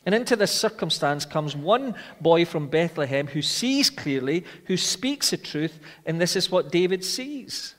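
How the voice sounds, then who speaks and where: A man preaches a sermon in a voice pitched a little high. He hammers rhetorical questions loudly, then drops to quiet intensity. His voice rings out with a long reverb in a large church hall. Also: lively intonation, unhurried, hardly any pauses.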